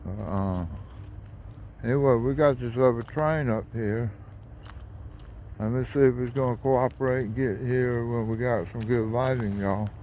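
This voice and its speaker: A man, talking casually in a flat, monotone way while filming trains outdoors on a phone. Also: mid-range voice, measured pace, a little hiss or hum. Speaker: railfan vlogger. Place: outdoors by railroad tracks at dusk.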